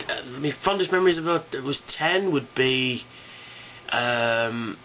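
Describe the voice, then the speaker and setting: A man records a casual, rambling video response, full of ums and cheerful swearing. His voice sits at an ordinary pitch, and his delivery stays enthusiastic. The sound is dull and lo-fi, with a faint hiss behind it. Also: expressive, slow pace. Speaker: fan convention vlogger.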